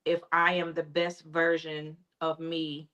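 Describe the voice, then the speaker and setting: A woman's voice: deep voice, completely flat delivery, slow pace, bright, forceful tone, muffled recording. A woman, a choir director guest, talking casually and encouragingly with preacherly emphasis. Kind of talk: casual conversational chat.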